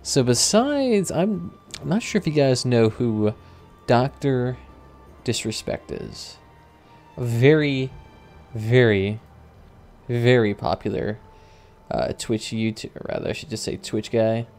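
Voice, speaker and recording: A man's voice: medium pitch, lively intonation, slow, darkish tone. A man streaming and giving casual, wry commentary that rambles and corrects itself as it goes. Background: faint background music.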